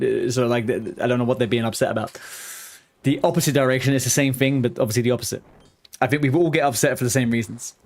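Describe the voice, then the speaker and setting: Casual man streaming a game. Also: mid-range voice. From England. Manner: loose, rambling banter with chat, swears casually. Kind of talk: casual live-stream chat while gaming.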